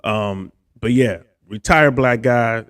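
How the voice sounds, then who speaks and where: A man's voice: medium pitch, slow pace, no echo. Laid-back man from Ohio, dry sound. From Cincinnati, Ohio, USA. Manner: relaxed, rambling, with fillers and restarts. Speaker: guest, stand-up comedian and content creator. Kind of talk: casual interview storytelling.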